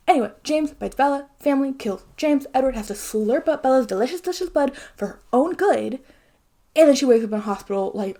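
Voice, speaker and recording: Animated, ranting young woman commentator. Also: mid-range voice, creaky. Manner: animated, swearing, rants with sudden whispers. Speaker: video essayist. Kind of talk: casual commentary.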